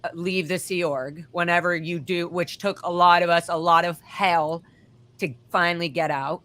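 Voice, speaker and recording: Bright-voiced woman rambling through a story. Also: lowish voice, steady tone, normal speed. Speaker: guest. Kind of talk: casual live chat.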